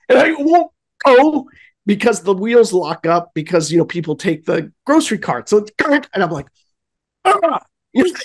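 Gravelly, animated man telling a story. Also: high voice. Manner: animated, acts out scenes with sound effects and many restarts. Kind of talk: casual storytelling chat.

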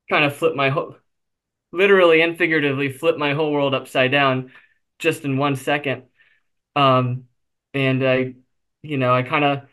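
A man's voice: on the high side, sharp tone, smooth. A man being interviewed, telling a personal story candidly, with self-deprecating humor and frequent fillers. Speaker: interview guest.

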